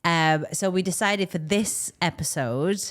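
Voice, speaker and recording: A young English woman with an English accent co-hosting a casual podcast, chatty and animated, with quick asides and laughter. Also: lowish voice. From England. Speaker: podcast co-host. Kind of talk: casual chat.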